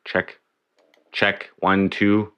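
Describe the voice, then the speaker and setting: Low-voiced dude on his stream, talks slow, cussing at his gear. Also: monotone, clean tone, lo-fi sound. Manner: swearing, grumbling over tech trouble. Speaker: livestream host. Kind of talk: casual livestream chat.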